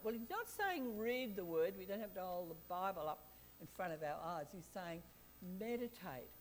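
A woman preaching a sermon, lively and chatty, often asking the audience questions and laughing. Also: mid-range voice, moderate pace, a little hiss or hum, rough recording.

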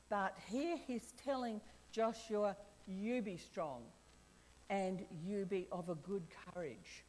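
A woman preaching a sermon, lively and chatty, often asking the audience questions and laughing. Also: mid-range voice, takes it slowly, rough recording.

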